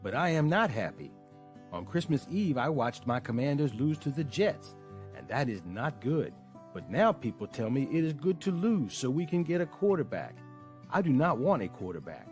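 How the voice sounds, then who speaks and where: A man plays a joyless cartoon sports fan who talks in stiff, formal sentences with no contractions. His pitch swings widely even while he complains. A light bed of music runs under him. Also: normal speed, close to an everyday voice. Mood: gloomy complaining. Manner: stilted, flat formal phrasing without contractions. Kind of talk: cartoon monologue.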